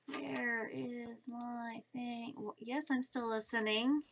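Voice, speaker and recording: A woman's voice: fairly high pitch, steady tone, slow, gravelly. A young woman streaming from home, chatting casually in a rambling, self-deprecating way and swearing offhand. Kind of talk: casual live-stream chat while drawing. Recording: dull lo-fi stream mic.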